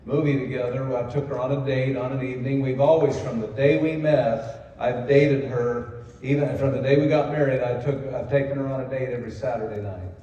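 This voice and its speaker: An older man, a company co-founder, telling a personal story in a folksy, self-deprecating way, hoarse from speaking. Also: medium pitch, fairly even intonation, fairly quick, warm tone, dull audio. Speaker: company co-founder giving a convention speech. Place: large convention hall. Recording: echoey hall from far off.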